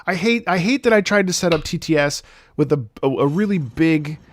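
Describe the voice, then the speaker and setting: A man streaming live, excitably reacting to music, reading chat and swearing often. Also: a little high, a little fast, slight background noise.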